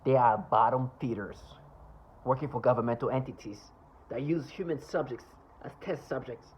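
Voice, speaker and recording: A man rambles through a personal monologue, his tone scornful and full of insults, tripping over restarts and asides as he goes. His voice sits at a middling pitch. The recording sounds dull and lo-fi, with a faint hiss underneath. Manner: halting, with many restarts and asides. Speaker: vlogger.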